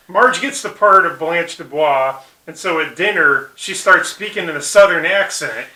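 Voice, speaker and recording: A man co-hosts a casual review show, laughing often and popping into a high voice for quotes. His voice is very bright and a touch high. He sits a little off the mic in an echoey room. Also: expressive, normal speed, hardly any pauses, distant mic. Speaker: podcast co-host. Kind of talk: casual episode review chat.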